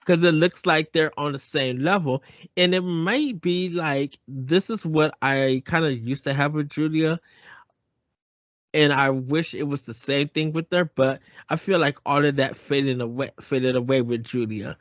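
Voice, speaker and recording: A podcast host with a higher-pitched voice and fairly even intonation leads a casual discussion, halting and restarting sentences and repeating words as he thinks aloud. The recording is dry and muffled.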